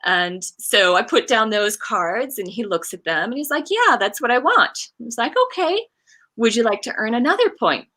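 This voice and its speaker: Woman in her 40s, bright voice, heartfelt storytelling, acts out the quotes. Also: fairly high pitch. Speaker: guest, coach and card game creator. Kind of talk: storytelling in a casual interview.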